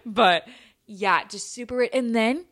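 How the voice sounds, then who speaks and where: A woman's voice: fairly high pitch, unhurried, a bit bright, no echo. A young woman hosting a podcast, telling a story in a candid way, swearing freely and laughing as she goes. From lived in Utah. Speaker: podcast host. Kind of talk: casual storytelling chat.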